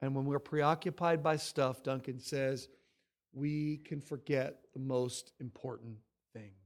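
A man preaching a sermon, emphatic and animated, stacking up repeated phrases as he tells the story. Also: medium pitch, unhurried. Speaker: pastor.

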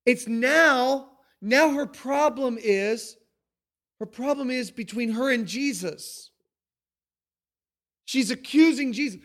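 A male pastor delivering a sermon with emphatic, stacked repetitions and lively storytelling. His voice sits notably high for a man. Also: takes it slowly. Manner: emphatic, piles up repeated phrases; animated storytelling.

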